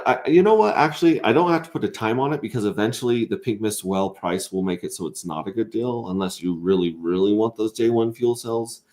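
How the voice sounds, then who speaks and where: A man hosting a casual livestream, reading out viewer comments in an excitable, rambling way and often stammering over restarts. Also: lowish voice. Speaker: livestream host.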